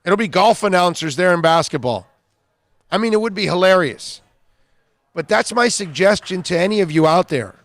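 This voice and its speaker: A man's voice: high-pitched, animated, normal speed, fairly bright tone, no echo. A man hosting a sports talk radio show, bluntly scolding listeners with repeated rhetorical questions.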